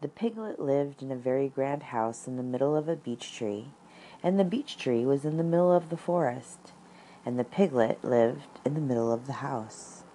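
A woman reading a classic children's story aloud and commenting on it, in an expressive, measured manner. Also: rumbling low, slight background noise, low-quality recording.

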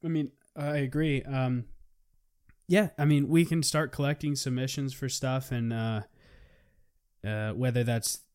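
A man's voice: medium pitch, steady tone, measured pace, a little mellow, clear, resonant tone. A man co-hosting a podcast in casual chat, rambling and joking, laughing at his own lines. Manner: rambling and jokey, laughs often. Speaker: podcast co-host.

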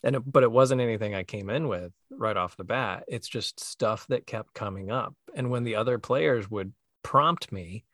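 A man co-hosting a podcast, relaxed and agreeable, chatting casually about playing tabletop games. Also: lowish voice, normal speed, few pauses, no room sound, clean studio sound. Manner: relaxed, agreeable, brief affirmations. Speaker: podcast co-host and player. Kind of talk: casual chat.

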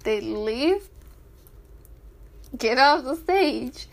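A teenage girl vlogs in a rambling, chatty way, giggling and apologizing often while her throat feels sore and swollen. Her high, expressive voice moves extremely slowly in this casual chat.

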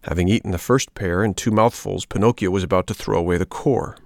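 A man narrating a storybook in a measured, even way. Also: deep voice, creaky, dry recording, studio quality. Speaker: audiobook narrator.

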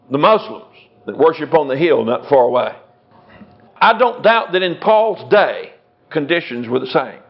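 A man preaches through scripture verse by verse with a blunt, scornful, emphatic delivery. His voice sits high for a man. The recording is dull and lo-fi, with the top end rolled off. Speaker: Bible teacher. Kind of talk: verse-by-verse sermon.

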